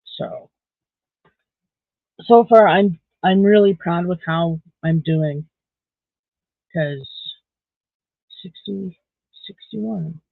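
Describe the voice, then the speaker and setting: A man's voice: high voice, very slow, creaky, pauses often, dry recording. A man chatting casually on a live stream as he crochets, counting his stitches aloud under his breath and greeting viewers by name. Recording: dry, tinny phone-like sound.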